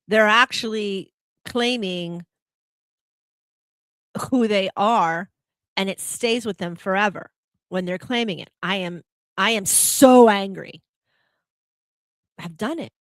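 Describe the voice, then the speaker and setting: Woman host, reflective spiritual talk, rhetorical questions, middle pitch, dry recording. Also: no echo. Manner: asks the listener rhetorical questions; animated, laughing when telling about herself. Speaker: podcast host.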